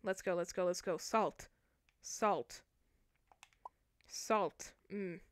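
A woman's voice: lowish voice, extremely slow, low-quality recording. A young woman casually commentating on a cooking game she is streaming, talking playfully to her viewers as she plays.

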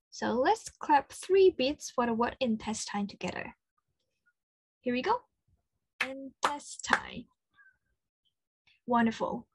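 High-pitched encouraging woman teaching kids. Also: darkish tone, husky, no echo. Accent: Australian. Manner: slow, encouraging, praising. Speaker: children's speech clinic presenter. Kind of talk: interactive children's lesson.

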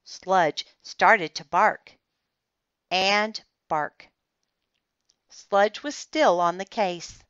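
A woman reading a children's chapter book aloud in a slow, careful and expressive manner. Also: medium pitch, clean tone, no room sound. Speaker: storybook reader. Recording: slightly dull, muffled recording.

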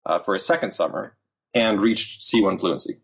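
Husky-voiced man telling a lively story. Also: on the low side. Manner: animated storyteller, quick asides with laughs. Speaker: podcast guest. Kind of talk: casual interview chat.

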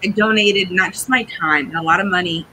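A woman in her forties tells a family story as a guest, her bright, tense voice rambling and halting. She trails off at points and sounds close to tears. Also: lowish voice, slight background noise, poor audio. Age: 40s. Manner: rambling, halting, tearful at times. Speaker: guest, cigar business owner. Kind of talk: emotional personal storytelling.

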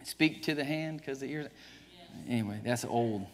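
Emphatic Southern preacher in a reverberant church. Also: male voice, mid-range voice, normal speed. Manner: emphatic, joking with the congregation, chuckling often. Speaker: pastor. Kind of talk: sermon. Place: church sanctuary. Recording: church livestream, long reverb.

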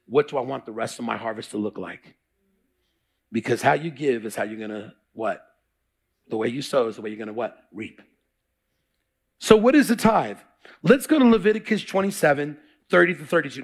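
A man's voice: a little high, gravelly, slightly rough. A male pastor preaching a sermon, quizzing the congregation in call-and-response.

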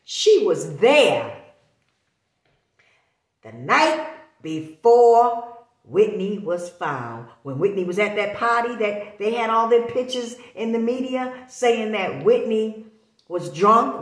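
A woman vlogger talks directly to camera in a mid-range voice, very animated but slow, in a room with an echo. She is insistent and preachy, often repeating words to hammer her point home.

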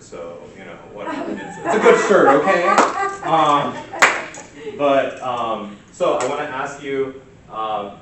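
A man's voice: lowish voice, background noise. Chatty man presenting in an echoey hall. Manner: casual, chatty, animated with quoted asides. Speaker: workshop presenter. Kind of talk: church workshop talk. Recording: echoey distant room recording.

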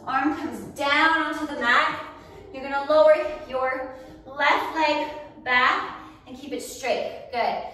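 A woman's voice: sits high, fairly even intonation, takes it slowly, bright, forceful tone. A woman fitness instructor leading an exercise class, counting reps aloud and encouraging, a little out of breath. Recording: echoey room, distant mic, faint music.

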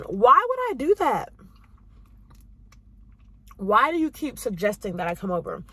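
A young woman chatting to her camera in a casual, sassy vlog, acting out everyone she quotes. Her voice sits fairly high and swings up and down a lot. There's a husky edge to it. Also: big pitch swings, measured pace, pauses often, pushed and bright, no echo. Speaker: vlogger.

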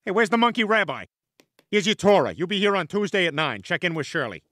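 Cast a blustering cartoon dad, high and bright with wild swings, stammering. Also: male voice, big pitch swings, fast, no room sound, studio quality. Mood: baffled. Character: loud goofy middle-aged family man. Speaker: director on set. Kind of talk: cartoon voice acting.

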